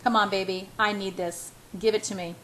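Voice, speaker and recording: A woman's voice: mid-range voice, steady tone, a little fast, slight background noise, lightly acted. Christian, a woman murmuring as a pleading lover. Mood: urging. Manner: hushed, murmured. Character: ardent young man pleading with his lover.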